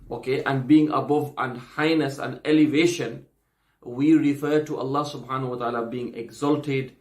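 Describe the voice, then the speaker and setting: Man teacher, didactic, roomy echo. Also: medium pitch. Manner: didactic, checks with "okay". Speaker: Islamic teacher. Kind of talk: religious lesson.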